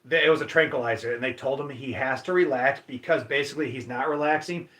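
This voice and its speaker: A man's voice: mid-range voice, fast talker, sharp tone. A man from Michigan hosting a casual livestream, chatting and welcoming viewers by name. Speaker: livestream host. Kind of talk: casual livestream chat, reading viewer comments.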